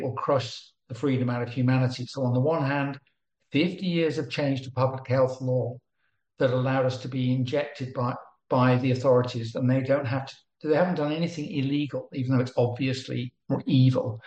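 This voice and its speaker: A man's voice: mid-range voice, a little mellow. An older man, a retired researcher co-hosting, talking at length in a rambling way with restarts and emphatic asides, over a remote call. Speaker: co-host. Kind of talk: conversational monologue. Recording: echoey room.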